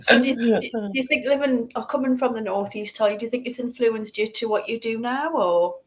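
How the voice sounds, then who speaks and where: Higher-voiced woman host prompting a guest. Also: a little fast. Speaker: podcast host. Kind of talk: casual interview chat.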